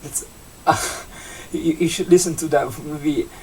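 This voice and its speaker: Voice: medium pitch, steady tone, darkish tone, breathy edge. Rambling young adult with an Italian accent. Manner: rambling, halting, with many restarts and fillers. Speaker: vlogger, seasonal campsite entertainment worker. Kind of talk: casual vlog chat. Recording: distant mic with faint background noise.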